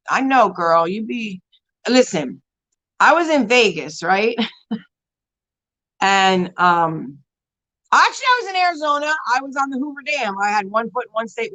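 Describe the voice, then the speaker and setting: Chatty rambling woman, fairly high voice. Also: pushed and bright, low-quality recording. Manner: rambling and chatty, full of "like" and restarts; laughs often while talking. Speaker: beauty vlogger hosting a live stream. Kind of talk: casual live-stream chat answering viewers.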